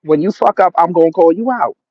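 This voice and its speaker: A man of Jamaican background hosts a casual livestream, mocking the commenters in his chat with sarcasm. His voice sits on the high side for a man. The audio is dry and dull, like a lo-fi stream mic. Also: a little fast, no room sound. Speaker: livestream host.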